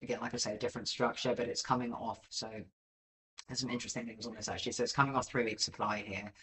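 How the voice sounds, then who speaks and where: A man's voice: medium pitch, steady tone, fast talker, pushed and bright, far from the mic, low-quality recording. A man giving casual live-stream market commentary over charts, rambling and self-deprecating with many filler ums. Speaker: livestream crypto chart analyst.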